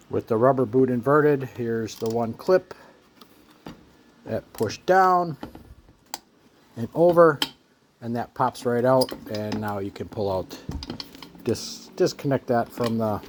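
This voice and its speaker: A man casually talking through a motorcycle headlight swap, relaxed and plain-spoken, thinking aloud as he works with his hands. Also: mid-range voice, a little hiss or hum. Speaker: motorcycle owner showing a repair. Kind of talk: casual how-to narration.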